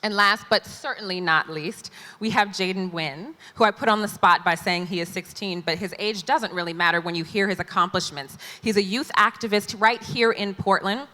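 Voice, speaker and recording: A woman's voice: mid-range voice, moderate pace, bright, forceful tone. A woman moderating a conference panel, introducing the guests in a chatty, playful way. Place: large conference hall stage. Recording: long hall reverb.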